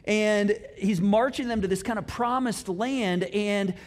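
A middle-aged male pastor giving a casual, conversational sermon, telling the story in an animated way with playful asides and sudden swings in loudness. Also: high-pitched, a little slow.

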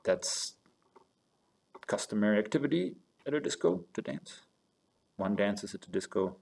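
The tutor's voice runs on the low side, animated and a little mellow with vocal fry, and he keeps a measured pace. In this recorded online lesson he explains German step by step, spelling words and switching between German and English from a home office with a squeaky chair.

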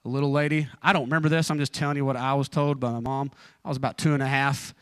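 Earnest preacher with a bright, forceful voice. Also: male voice, level tone, very fast, clean tone, no echo, studio quality. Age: 40s. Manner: informal, personal storytelling with joking asides; fervent prayer, voice dropping low. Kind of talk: evening church sermon. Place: church.

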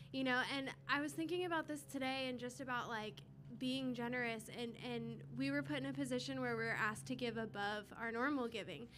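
A woman's voice: fairly high pitch, steady tone, a little fast, a bit bright, slight background noise. A woman giving a casual, rambling testimony and prayer before a church offering, full of fillers.

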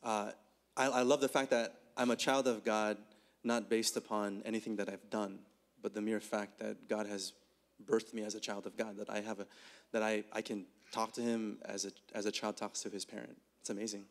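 A man pastor in a church, talking reflectively in a conversational sermon dialogue, with a few halting restarts. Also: on the low side, level tone, creaky.

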